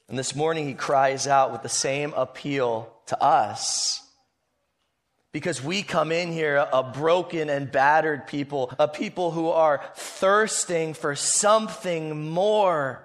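A man preaching a sermon, swinging from loud, rising appeals to soft, hushed lines. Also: sits high, measured pace. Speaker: pastor.

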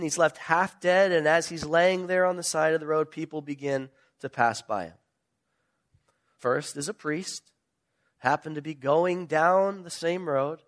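A male pastor with a slightly high voice preaches a sermon, retelling a parable through animated storytelling punctuated by emphatic questions.

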